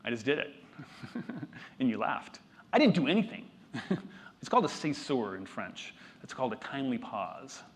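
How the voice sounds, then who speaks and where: A male keynote speaker talks to a live conference audience in a loose, unscripted-sounding manner. He mocks himself and drops playful asides, and his voice sits at an ordinary middle pitch. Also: big pitch swings, normal speed, pauses often, slight background noise. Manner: conversational and self-deprecating, with joking asides.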